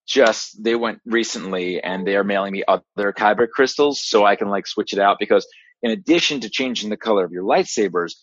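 A man telling a long, excited story as a podcast guest, rambling with many fillers and restarts. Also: on the low side, dry recording. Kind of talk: casual storytelling monologue. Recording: dry, slightly dull lo-fi podcast audio.

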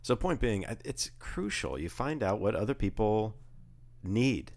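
Deep-voiced joking man chatting. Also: very animated, measured pace, vocal fry, darkish tone. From Southern California. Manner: joking, rambling storyteller. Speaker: podcast co-host. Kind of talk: casual chat.

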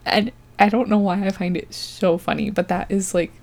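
A woman's voice: medium pitch, steady tone, moderate pace, darkish tone. A young woman casually recapping a movie, chatty and sarcastic, full of likes, ums and asides.

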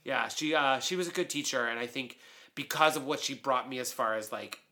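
A man's voice: medium pitch, a little fast, bright, forceful tone. A man co-hosting a podcast in casual chat, theatrical and chatty, swearing freely. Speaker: podcast co-host.

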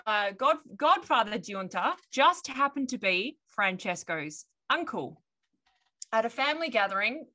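Bright-voiced woman telling a story. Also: mid-range voice. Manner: laughs often, wry asides. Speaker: podcast co-host telling a story. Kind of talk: casual storytelling chat.

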